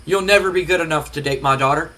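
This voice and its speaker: A man's voice: fairly high pitch, fast, bright, forceful tone. A man voicing a furious, overprotective boss father who scolds and threatens. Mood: angry. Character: furious boss father guarding his daughter.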